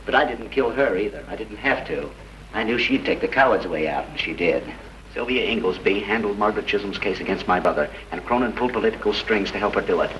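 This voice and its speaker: An actor playing a vengeful man unmasked as the killer, speaking calmly and coldly in a 1930s film. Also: lowish voice, natural voice. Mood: bitter. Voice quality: calm and measured, breaking into mocking laughter. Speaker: villain. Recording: dull, hissy 1930s film soundtrack.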